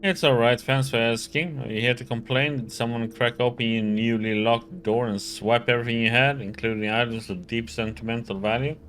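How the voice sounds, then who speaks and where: A man voicing an annoyed, nasal male locksmith who defends himself fast, reading game dialogue aloud. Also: medium pitch, fairly even intonation, fairly bright tone, a little hiss or hum, close to an everyday voice. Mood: indignant. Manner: indignant, rapid self-defense.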